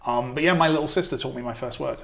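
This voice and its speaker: A game writer from southern England, a man with a mildly posh accent, chats casually as a podcast guest, putting himself down and restarting his sentences often. His voice is medium-pitched and creaky, and he talks quickly.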